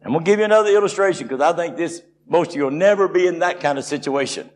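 A man's voice: a little high, fast talker. A man from Tennessee, preaching and telling a personal story in a folksy, rising way. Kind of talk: sermon testimony.

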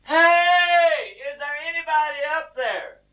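A man voicing a panicked man hanging from a cliff, shouting high and desperate, recorded from a distant mic. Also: expressive, slow pace, reverberant, heavily acted.

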